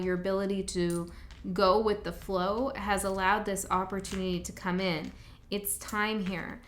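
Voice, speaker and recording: A woman giving a casual tarot reading to her viewers, chatty and upbeat, often laughing mid-sentence. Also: medium pitch. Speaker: tarot reader.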